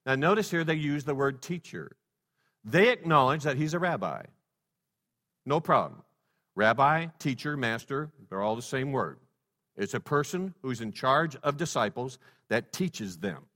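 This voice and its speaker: Bright-voiced preacher in a reverberant hall. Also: male voice, mid-range voice, animated, a little slow. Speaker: pastor. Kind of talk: sermon. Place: church sanctuary.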